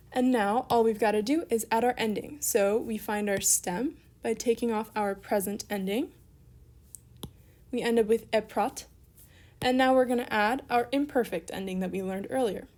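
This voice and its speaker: A woman's voice: on the high side, a little mellow. A young woman teaching a recorded language lesson, upbeat and encouraging as she talks through worked examples and corrects herself casually. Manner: self-correcting, casual asides.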